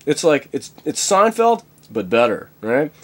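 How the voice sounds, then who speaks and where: Rambling comic man with lively pitch. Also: a little slow. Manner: rambling, full of fillers, laughs at own jokes.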